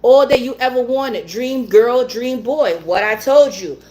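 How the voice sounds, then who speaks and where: Unhurried, with a fairly high pitch and a dark tone, a tarot reader lays out her reading bluntly. She repeats herself, laughs plenty, and lets a swear word slip now and then.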